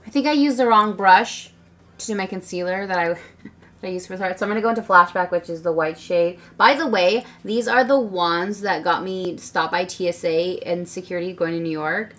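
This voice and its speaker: A woman's voice: fairly low pitch, fairly quick, a bit bright. Chatty young woman vlogger. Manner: chatty, rambling, says "like" often. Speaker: beauty vlogger. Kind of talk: casual makeup tutorial chat.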